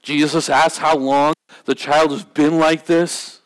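A man delivers a sermon in a slightly higher voice. His delivery is conversational and loose, and he often repeats words and starts sentences over. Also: little pitch movement, slow. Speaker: pastor.

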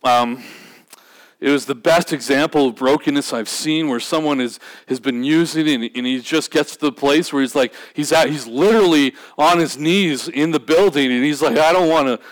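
A man delivers a sermon in a slightly higher voice. His delivery is conversational and loose, and he often repeats words and starts sentences over. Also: normal speed. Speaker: pastor.

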